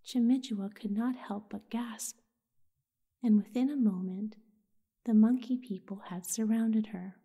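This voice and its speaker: A woman telling a sleep story in a soft, soothing whisper. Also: a little high, steady tone, measured pace, husky.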